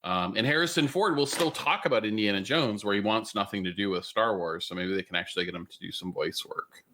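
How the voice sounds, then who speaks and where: A man co-hosts a gaming podcast in casual chat. His voice is low but bright and forward. He speaks in a measured, thoughtful way, with the odd blunt jab. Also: a little hiss or hum. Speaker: podcast co-host.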